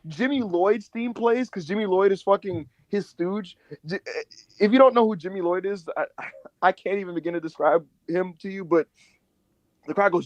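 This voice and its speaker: A man co-hosting a casual wrestling podcast, telling a long story with lots of swearing and high mock voices for the people in it. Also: moderate pace, no echo, lo-fi sound. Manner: animated storyteller, swears a lot, acts out others in high put-on voices. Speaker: podcast co-host.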